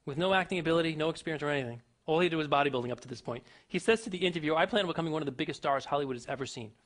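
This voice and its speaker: A man giving a motivational talk to an audience, emphatic and full of rhetorical questions, swinging his pitch and loudness. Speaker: motivational speaker.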